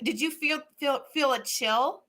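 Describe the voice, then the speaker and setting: A woman's voice: high-pitched, a little slow, bright, forceful tone. A woman hosting a casual call-in chat, asking short encouraging questions and then telling her own story. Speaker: host.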